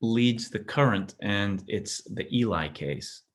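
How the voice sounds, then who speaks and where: A man's voice: lowish voice, lively intonation, takes it slowly. Casual male physics lecturer. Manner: casual, self-interrupting, checks in with "right?". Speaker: physics teacher. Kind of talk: classroom lecture.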